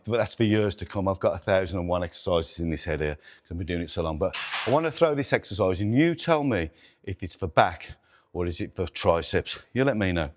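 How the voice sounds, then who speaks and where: A middle-aged man hosting a workout demonstration vlog in a gym, counting reps aloud and swearing and groaning as he strains through sets. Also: sits low. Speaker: gym owner and host. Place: indoor gym.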